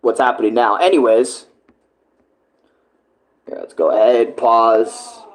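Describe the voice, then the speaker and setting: A man hosting a live reaction stream, chatting casually in an ordinary middle-pitched voice. He talks loosely and emphatically, swearing freely. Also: expressive, slow pace. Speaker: reaction video host.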